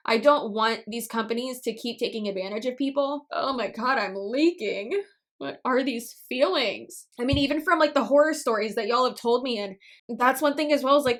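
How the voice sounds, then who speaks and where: A woman's voice: high-pitched, fairly bright tone. A young woman giving blunt, sassy vlog commentary, swearing freely and tearing up as she talks. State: teary and emotional. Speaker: anti-MLM commentator.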